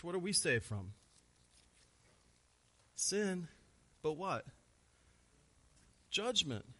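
A man in his thirties preaching a sermon as pastor, pressing points with repeated words, then dropping low and quiet.

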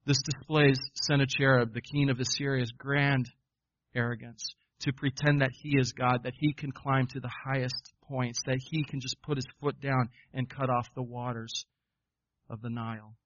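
A man delivers a sermon, moving between reading scripture with building emphasis and explaining it plainly to his congregation. His voice sits at a middle pitch and comes through a dry, close recording with a dull, muffled tone. He talks earnestly, stumbling over repeated words when he gets going. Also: flat delivery, normal speed, a bit bright, dry recording. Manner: earnest, addresses listeners as folks and guys. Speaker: preacher.

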